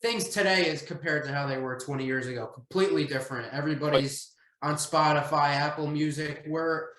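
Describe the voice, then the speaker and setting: A man's voice: fairly high pitch, fairly even intonation, a little fast, a bit bright, roomy sound, poor audio. A man hosting a podcast interview, asking questions in a laid-back way with casual swearing and frequent laughs. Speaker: podcast host.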